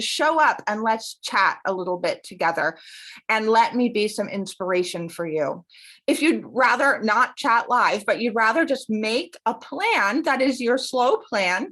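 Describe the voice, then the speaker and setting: Expressive, bright-pitched woman coach talking. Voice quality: expressive, with wide pitch swings and frequent laughs. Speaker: academic coach and show host. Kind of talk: casual talk to camera.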